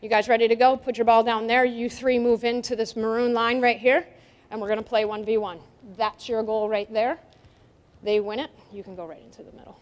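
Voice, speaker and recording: High-voiced woman coaching in a gym. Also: a little fast. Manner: directive, energetic, asks questions of players. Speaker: soccer coach. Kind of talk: coaching clinic demonstration. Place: indoor gym. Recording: long reverb of a gym hall.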